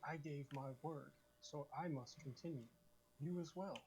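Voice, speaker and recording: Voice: medium pitch, a little slow, a little mellow, close to an everyday voice, low-quality recording. A tabletop player voicing an earnest druid who reminds a companion of a promise. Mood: reproachful. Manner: firm, reproachful. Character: earnest, dutiful druid who keeps his word. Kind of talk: in-character tabletop role-play.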